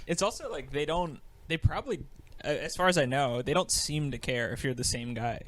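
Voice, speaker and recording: A man's voice: a little high, a little fast, fairly bright tone. A male podcast co-host in casual chat, laid-back and joking.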